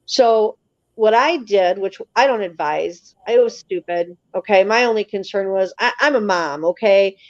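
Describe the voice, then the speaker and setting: A woman's voice: medium pitch, unhurried, no echo, lo-fi sound. A woman, a guest on a live show, telling her story casually and emphatically, acting out the voices of the people in it. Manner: animated, emphatic, acts out quoted voices.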